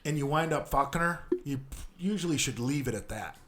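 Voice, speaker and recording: A man's voice: fairly high pitch, animated, a little fast, noisy background. A man, a podcast guest giving blunt, profane advice in crude casual banter.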